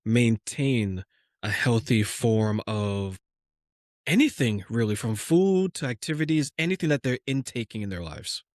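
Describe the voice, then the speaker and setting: A man hosting a podcast, asking slow, drawn-out questions in a casual interview. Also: mid-range voice, lively intonation, a little mellow, no echo, studio quality. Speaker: podcast host.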